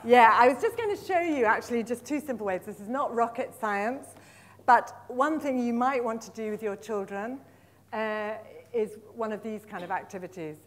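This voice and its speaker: A middle-aged woman leading a live teacher-training workshop in a conference room, lively and encouraging, praising the audience and drawing out words slowly as she repeats them. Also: a little high. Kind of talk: live workshop demonstration of storytelling with flashcards.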